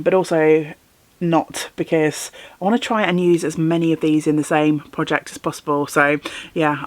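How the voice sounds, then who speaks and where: A woman's voice: low voice, fairly bright tone, no room sound. A woman chatting casually and enthusiastically in a crafting vlog, talking to the camera at home. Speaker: knitting and spinning vlogger.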